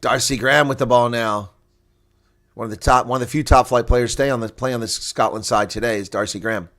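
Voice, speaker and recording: A man giving live play-by-play rugby commentary, excitable and rising to shouts at big plays. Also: mid-range voice, fairly quick.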